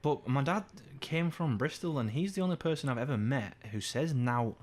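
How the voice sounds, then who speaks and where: A young English man co-hosting a podcast, sweary and animated in loose, laughing banter. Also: on the high side, brisk. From England. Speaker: podcast co-host. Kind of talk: casual chat.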